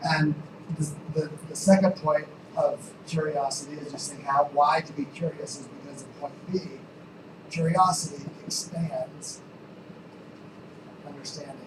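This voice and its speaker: A man giving a live sales training talk, telling stories and acting out the people in them with emphatic, sometimes shouted lines. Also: a little high, little pitch movement, a little slow. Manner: storytelling, acts out quotes with shifting voices; emphatic, rising to near-shouts. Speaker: real estate sales trainer. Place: training room. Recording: roomy, distant mic, air conditioning hum.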